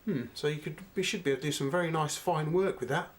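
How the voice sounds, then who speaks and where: A middle-aged man with a slightly raised voice reviews a knife in a relaxed, unhurried way. He keeps turning to his viewers with friendly asides. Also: a little high, slight background noise. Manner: chatty, unhurried, addresses viewers as guys. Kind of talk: casual product review.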